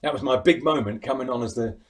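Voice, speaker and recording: A middle-aged English man talks casually over a video call, laughing easily and restarting his sentences as he tells stories. His voice sits at an ordinary, middle pitch. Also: fast talker. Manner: chatty, laughs often, many restarts. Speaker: impressionist guest. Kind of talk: casual interview chat.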